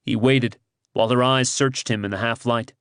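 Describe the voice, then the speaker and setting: A man narrating an audiobook in measured, dramatic storytelling on a close studio mic. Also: mid-range voice, steady tone, fairly bright tone, clear, resonant tone, no echo. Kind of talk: scripted narration.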